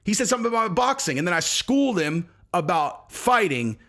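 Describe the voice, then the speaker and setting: A man's voice: high voice, sing-song, a little fast, fairly bright tone. A man playing a drunk, cocky male fighter, talking profane trash in a swaggering way. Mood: defensive. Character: drunk, cocky male fighter boasting about his tweets.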